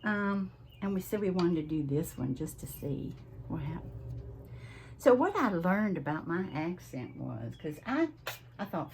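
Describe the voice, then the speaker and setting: A woman with a Southern US accent, chatting casually at her home craft desk as she hosts a crafting vlog, drawn-out and full of laughs. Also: lowish voice, very animated, gravelly, a little mellow, a little hiss or hum. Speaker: crafting channel host.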